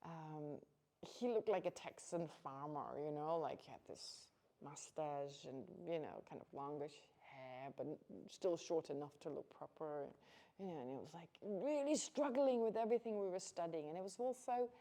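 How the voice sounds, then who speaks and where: A woman's voice: low voice, moderate pace, dark tone. A woman giving an informal Buddhist teaching to a class, chatty and conversational, laughing often and restarting her sentences.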